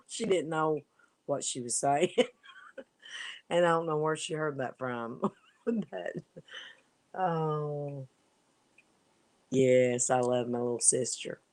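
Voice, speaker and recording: A man's voice: a little high, no echo. A middle-aged man on a casual livestream, telling family stories in a folksy way and laughing often. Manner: slow, laughing, folksy storyteller. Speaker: livestream co-host. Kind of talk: casual chat and storytelling.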